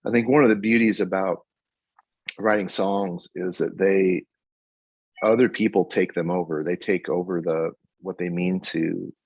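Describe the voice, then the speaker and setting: Man in his fifties, husky and deep, animated guest storyteller, dull lo-fi recording. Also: no room sound. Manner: animated storyteller, laughs often. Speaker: guest songwriter. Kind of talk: casual interview. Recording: dull lo-fi audio.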